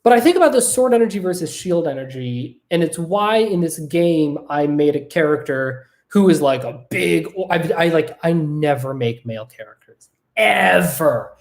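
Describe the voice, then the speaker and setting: On camera at a desk at home, a podcast host of medium pitch chats casually and animatedly at a moderate pace, cursing freely and often tacking on "right?".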